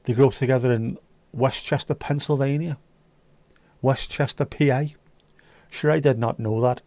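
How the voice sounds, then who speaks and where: A man's voice: medium pitch, fairly even intonation, moderate pace, a little mellow, no room sound. A man hosting a casual livestream, chatting with viewers in sweary, joking banter. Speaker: livestream host reading chat. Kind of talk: casual chat.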